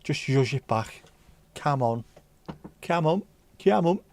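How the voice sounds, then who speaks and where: A man's voice: medium pitch, slow, a little mellow. A man from North West England, hosting a casual livestream and bantering with chat comments. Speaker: livestream host.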